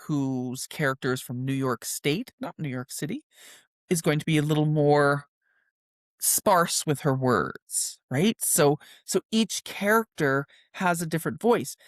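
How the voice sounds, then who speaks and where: A woman's voice: low-pitched, slow pace, dry recording, studio quality. A woman hosting a solo podcast, talking casually and self-deprecatingly about her writing, with filler words and restarts. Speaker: podcast host and indie author.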